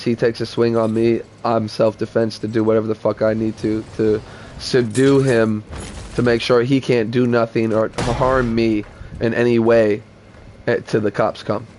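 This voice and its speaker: A man's voice: mid-range voice, slight background noise. A man telling a heated personal story in blunt, profane talk while playing a game on stream. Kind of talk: casual gaming stream storytelling.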